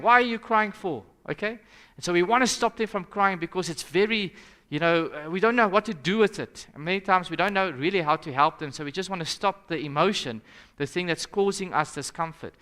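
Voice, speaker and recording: A young South African pastor leads an interactive Sabbath school lesson, conversationally putting questions to the audience. He speaks South African English in a voice that's a little high, sharp, and smooth.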